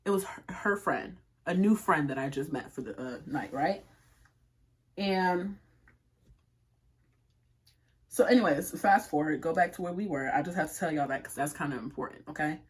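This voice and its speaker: A woman's voice: low voice, a little fast. A young woman vlogger telling a rambling story-time tale to her viewers, full of "like" and asides. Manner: rambling and animated, heavy use of "like".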